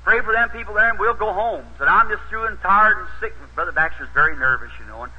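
A man's voice: high-pitched, lively intonation, fast. Folksy preacher man on an old tape. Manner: folksy, rises to emphatic exhortation. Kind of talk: sermon storytelling. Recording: dull, husky old tape recording.

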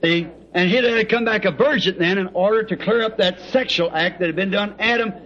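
A man with a high-pitched, brisk voice preaches a sermon to a congregation, fervent and rhythmic, telling stories punctuated with chuckles and laughs. It's a dull, lo-fi recording from an old tape.

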